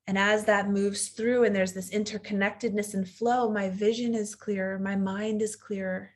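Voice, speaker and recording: A woman's voice: mid-range voice, flat delivery, normal speed. A woman in her thirties, a coach giving an earnest, reflective teaching talk and sometimes acting out the inner voice of fear.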